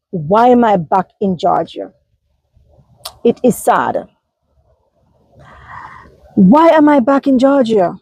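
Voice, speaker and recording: Jamaican woman, casual car vlog on a phone, mellow tone, emphatic and repetitive. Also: medium pitch, no room sound, poor audio. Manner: emphatic, repetitive, many fillers. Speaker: vlogger. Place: inside a parked car. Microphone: phone held in hand.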